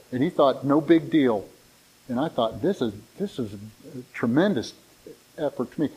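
A man preaching a sermon in a conversational way, slowing down and lifting his voice when he reads scripture. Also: mid-range voice, a little mellow, husky, rough recording. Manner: conversational, with frequent restarts and fillers; slows down and lifts his voice when reading scripture. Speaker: pastor.

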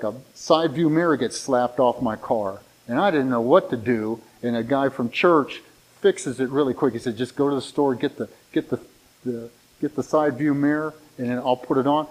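A man preaching a sermon in a conversational way, slowing down and lifting his voice when he reads scripture. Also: mid-range voice, darkish tone, poor audio. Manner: conversational, with frequent restarts and fillers; slows down and lifts his voice when reading scripture. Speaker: pastor.

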